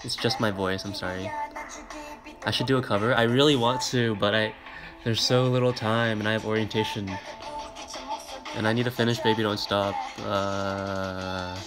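A young man in a casual live stream, talking in a flat, monotone way while he reacts to videos and reads out comments. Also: normal speed. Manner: monotone, low-key; rambling, filler-heavy, reads comments aloud. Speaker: livestreamer reacting to music videos. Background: pop music playing.

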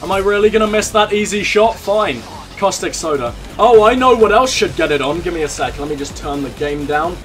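A man's voice: sits high, expressive, brisk, a bit bright, soft background music. A young man hosting a let's play, cracking crude jokes in casual gameplay commentary. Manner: joking, crude banter with laughs.

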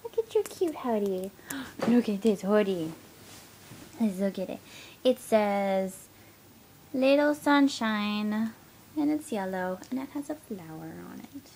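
A woman's voice: medium pitch, expressive, slow, long pauses, slight background noise, low-quality recording. Woman cooing baby talk to her puppy. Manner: cooing sing-song with soft whispers. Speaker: pet owner filming her puppy.

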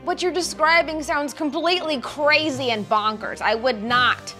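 A woman's voice: high-pitched, normal speed, soft background music. A woman playing a brash, indignant older lady who claims she founded a bean company, in a comedy sketch. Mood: defensive. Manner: loud, brassy, indignant, drawling.

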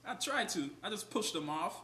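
A young man in a film, quietly recounting a fight he was just in. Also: sits high, lively intonation, normal speed, reverberant, a crowd in the background. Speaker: student film character. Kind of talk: film dialogue, telling a story.

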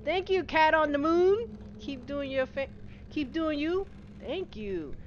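Speaking slowly in a high voice, a middle-aged woman livestreams a game, casually chatting, calling out viewers by name, and laughing frequently. Steady noise runs under the slightly dull home-stream sound.

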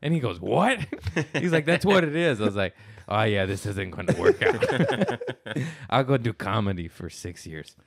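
A man hosting a casual podcast. He jokes around and laughs often, and his pitch moves up and down in an animated way. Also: normal speed. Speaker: podcast host. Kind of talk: casual chat.

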